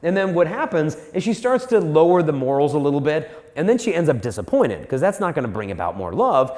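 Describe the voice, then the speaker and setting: Lively joking man speaking in a reverberant hall. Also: a little high, fairly quick. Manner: animated and joking, acts out quoted people. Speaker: Catholic speaker on dating and marriage. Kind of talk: live motivational talk to an audience.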